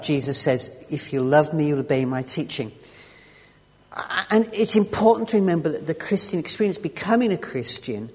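A man's voice: a little high, husky. A man gives a conversational sermon in a church hall. He talks through the text with asides and small restarts, and a long reverb trails each phrase. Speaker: preacher.

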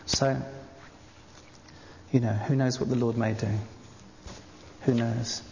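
A man's voice: mid-range voice, little pitch movement, slow pace, gravelly, darkish tone. A man preaching a sermon in a church, earnest and exhorting his congregation. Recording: reverberant church hall, dull faint hiss.

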